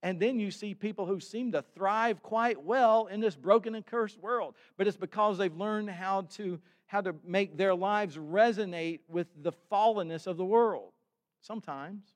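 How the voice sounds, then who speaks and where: A man preaching a sermon in a conversational way, with sudden bursts of loud emphasis. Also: high-pitched, measured pace. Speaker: pastor. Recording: long hall reverb.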